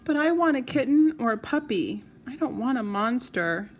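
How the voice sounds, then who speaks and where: A woman voicing an anxious young girl who hides a monster, speaking in bright childlike exclamations. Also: a little high, expressive, moderate pace, pitched above the performer's own voice. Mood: tearful.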